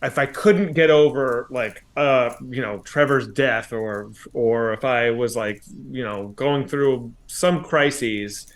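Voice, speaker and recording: A man co-hosting a livestream, talking casually and earnestly, thinking aloud with many pauses. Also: medium pitch. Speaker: comedy troupe member co-hosting a stream. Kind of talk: casual chat.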